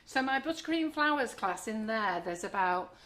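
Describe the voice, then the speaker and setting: A woman's voice: on the high side, animated, normal speed, fairly bright tone, a little hiss or hum. Chatty woman teaching cake decorating. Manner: chatty, friendly, talks while working. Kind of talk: live online class demo. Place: home kitchen.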